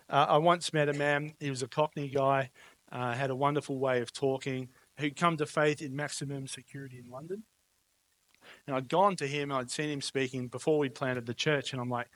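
A man preaching a sermon, telling stories in an emphatic, conversational way and often asking "right?". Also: mid-range voice. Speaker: pastor.

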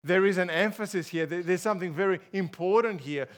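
A man's voice: sits high, brisk, few pauses. A man preaching a sermon to a congregation. He speaks with emphasis and asks his listeners rhetorical questions.

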